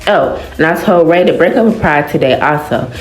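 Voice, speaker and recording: A woman reads a fan-fiction story aloud in a casual way, her voice sitting a bit low. She stops now and then to react to the story. The room has a roomy echo, and faint music plays underneath. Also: animated, brisk. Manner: reads dialogue with pitch jumps, breaks off to react and laugh. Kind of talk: casual story reading with commentary.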